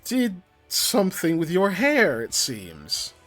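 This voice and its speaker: A charming male devil, smooth and gently mocking, generous with his coin and never short of a compliment, as a man plays him at the game table. The voice rides lively ups and downs and sits a little higher than the performer's own. Soft music plays faintly underneath. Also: slow, heavily acted. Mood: teasing. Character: suave teasing male devil, generous patron.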